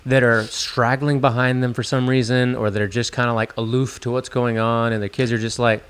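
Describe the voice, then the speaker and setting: A man's voice: mid-range voice, level tone, normal speed, fairly bright tone, clean tone. A man co-hosting a podcast, earnestly telling stories and giving advice. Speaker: podcast co-host. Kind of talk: casual podcast chat.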